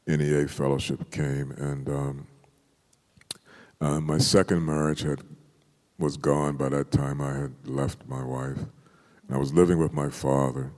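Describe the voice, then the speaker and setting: Very deep-voiced older man telling stories. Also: big-room sound. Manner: animated storyteller, acts out quotes with laughter. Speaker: poet, interview guest. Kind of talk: storytelling in an interview.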